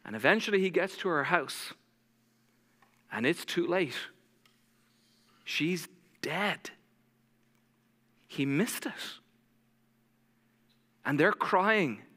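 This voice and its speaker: A pastor preaches a sermon in a slightly high, expressive and fairly bright voice, speaking very slowly with long pauses in a big-sounding room. He tells stories dramatically, acting out the voices of the people in them.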